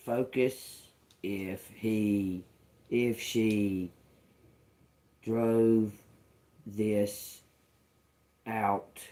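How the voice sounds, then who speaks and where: A man's voice: on the low side, mellow, low-quality recording. A man giving a casual tarot reading to his viewers, musing aloud and repeating words as he reads each card, calling his listeners y'all. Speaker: tarot reader.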